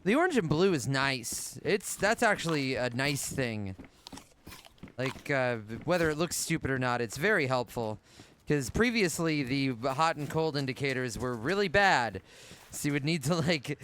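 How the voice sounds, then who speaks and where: Animated man streaming a game. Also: mid-range voice, moderate pace, slight background noise. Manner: animated, swears casually, thinks out loud. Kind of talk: live gameplay commentary.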